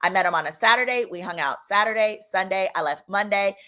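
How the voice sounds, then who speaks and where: A woman in her thirties from Texas telling a personal story in a casual, animated way, acting out the people she quotes. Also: medium pitch, a little fast. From Texas, United States. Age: 30s. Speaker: lawyer and channel host.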